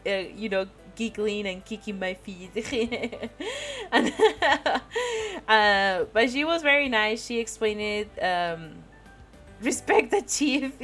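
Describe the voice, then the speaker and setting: A woman's voice: medium pitch, very animated, slow pace, fairly bright tone, soft background music. A woman from Spain with a Spanish accent, casually telling a rambling story on stream and often breaking into giggles. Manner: rambling, giggly, frequent laughter.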